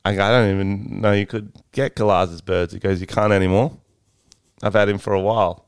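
A young Australian man chats on a podcast, his voice smooth, low and resonant. He tells stories in a loose, laid-back way, swearing often and breaking into laughs. The sound is close and dry. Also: fairly even intonation, a little fast, dry recording. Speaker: podcast co-host. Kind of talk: casual chat.

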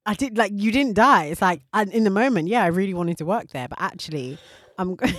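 A woman's voice: medium pitch, wildly swooping pitch, normal speed, no room sound, clean studio sound. A woman co-hosting a podcast in casual chat, telling stories animatedly and laughing often. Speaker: podcast co-host.

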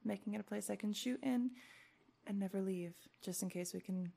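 A woman hosting a casual podcast, talking in a loose, rambling and self-deprecating way, relaxed and a bit stoned. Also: medium pitch, normal speed, creaky, slightly rough. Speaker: podcast host.

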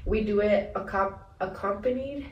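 A woman's voice: medium pitch, moderate pace, recorded from a distance, lo-fi sound. A young woman talks animatedly on a casual podcast, laughing often and swearing freely. She sits a little back from the mic, so her voice has a roomy ring with faint hiss behind it. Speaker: podcast co-host. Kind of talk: casual chat.

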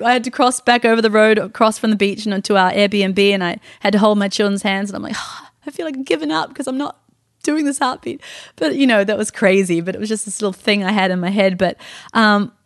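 A woman telling an emotional personal story on a podcast, animated, with her voice climbing high when she quotes others. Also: brisk, no echo, clean studio sound.

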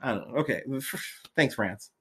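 A man's voice: medium pitch, lively intonation, normal speed, bright, forceful tone. Joking guy on a podcast, swears a lot, voice jumps all over. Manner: crude, joking, slips into put-on voices. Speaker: podcast co-host. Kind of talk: casual chat.

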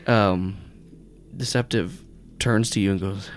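A man's voice: fairly low pitch, fairly even intonation, takes it slowly, a little hiss or hum. A man narrating as game master in a tabletop game, rambling with lots of fillers and swearing.

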